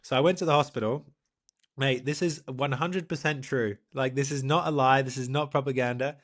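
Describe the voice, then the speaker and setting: A young man, a professional triathlete, co-hosting a podcast and telling a story in a lively, animated way, acting out what people said. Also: mid-range voice, fairly quick. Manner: animated storyteller, acts out quotes, laughs often. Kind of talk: casual storytelling chat.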